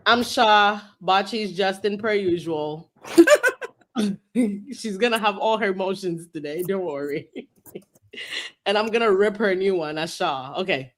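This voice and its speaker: A woman's voice: mid-range voice, unhurried, a little hiss or hum. A woman hosting a live stream, who chats casually and laughs often. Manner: laughing, chatty.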